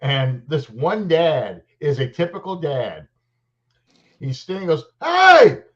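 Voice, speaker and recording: A man chatting casually about sports as a show co-host, speaking at a middling pitch. He rambles and restarts his sentences, and he turns animated as his stories pick up. His voice comes through dull and lo-fi over a call. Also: slow pace. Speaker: podcast co-host. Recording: dull lo-fi audio.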